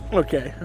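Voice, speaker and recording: A man in his twenties giving casual gameplay commentary, rambling and laughing at the game. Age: 20s. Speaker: gaming YouTuber. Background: game music.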